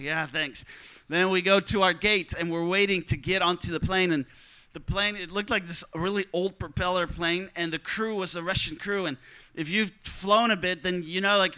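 Bright, high-voiced man telling a story. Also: clean tone. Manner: animated, joking, acts out dialogue. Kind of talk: personal travel story told to an audience.

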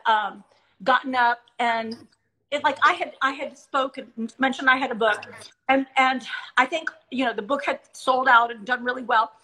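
A woman's voice: fairly high pitch, bright, forceful tone, rough recording. A middle-aged woman hosting a Christian talk show, speaking with eager encouragement and acting out stories. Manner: enthusiastic, encouraging, reenacts stories. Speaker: host.

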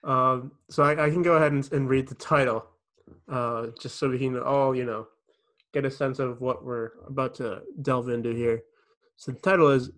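Deadpan halting podcast co-host. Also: male voice, medium pitch. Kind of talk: casual comedy podcast chat.

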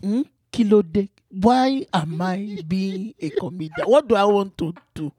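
A man's voice: high-pitched, animated, a little mellow, slightly rough, no room sound, studio quality, exaggerated voice. A man putting on a preachy Yoruba-accented man who drags out "eh" and lectures on working hard. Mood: lecturing. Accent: Yoruba-accented English. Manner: drawn-out "eh" fillers, mixes in Yoruba phrases, lecturing. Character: exaggerated Yoruba man giving advice, preachy, drawling.

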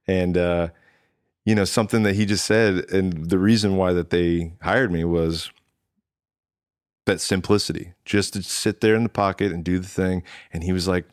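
A man's voice: low voice, fairly even intonation, moderate pace, clean tone, dry recording, clean studio sound. A man, a drummer and guest, telling a rambling story in casual conversation and acting out what people said to him. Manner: rambling, acts out quoted dialogue with restarts.

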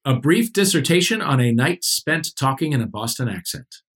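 A man's voice: mid-range voice, sing-song, normal speed, fairly bright tone, breathy edge. A man hosting a quiz game in a casual comedy podcast chat, joking as he goes. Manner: playful, joking quizmaster. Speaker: quiz host.

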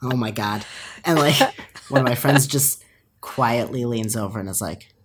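A woman co-hosting a podcast, telling animated stories with frequent laughter and acted-out quotes. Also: a bass voice, normal speed, heavy background noise. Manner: animated storytelling, laughs often, acts out quotes. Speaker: podcast co-host. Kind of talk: casual podcast chat.

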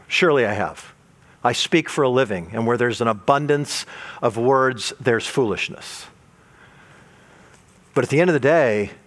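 A man's voice: medium pitch, a bit bright. A male pastor preaching a sermon, acting out quoted complaints and stumbling into repeated words as he presses his point.

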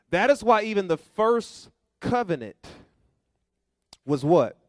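A man's voice: high voice, big pitch swings, slow pace, dry recording, clean studio sound. Man preaching with call-and-response. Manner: call-and-response preaching, asking the congregation to fill in words; folksy, conversational storytelling. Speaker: pastor. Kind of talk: sermon.

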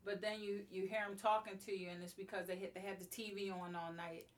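A woman's voice: mid-range voice, little pitch movement, quick pace. Emphatic woman, slightly distant mic. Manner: emphatic, repeats key phrases. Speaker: guest, beauty bar co-owner. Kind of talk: casual interview talk.

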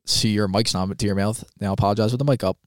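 A man's voice: fairly low pitch, steady tone, fast talker, no echo, clean studio sound. A man co-hosting a podcast, talking in a casual, blunt and argumentative way, with plenty of swearing. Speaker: podcast co-host. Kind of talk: casual chat.

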